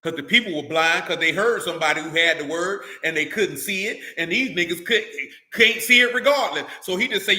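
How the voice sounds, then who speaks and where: A man's voice: high voice, a little fast, hardly any pauses, pushed and bright, reverberant. A man preaching a sermon in a blunt, colloquial way, full of rhetorical questions.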